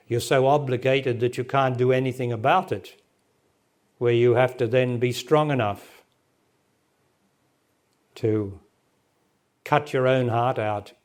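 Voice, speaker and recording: A man's voice: mid-range voice, darkish tone. Plain-spoken older male spiritual teacher. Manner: direct, plain-spoken, laughs often. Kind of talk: spiritual talk answering questions. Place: meeting hall with audience. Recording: remastered 1998 talk recording.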